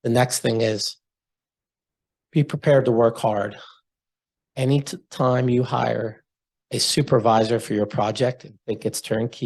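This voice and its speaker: Blunt lender telling stories, husky. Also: male voice, lowish voice. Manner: blunt, animated storyteller. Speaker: hard money lender, interview guest. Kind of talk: storytelling in an interview.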